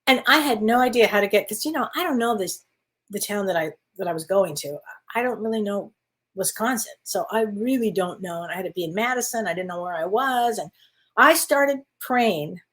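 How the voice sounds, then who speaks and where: A woman's voice: medium pitch, expressive, a little fast, fairly bright tone. A woman working as a spiritual medium, giving card readings in casual, affectionate chat and calling listeners honey.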